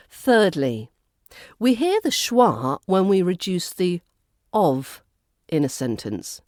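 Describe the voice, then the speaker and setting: A woman with a Southern English accent teaching pronunciation on a podcast, repeating example words slowly and clearly. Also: on the low side, very animated, a little mellow, dry recording, studio quality. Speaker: accent coach. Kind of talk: podcast lesson.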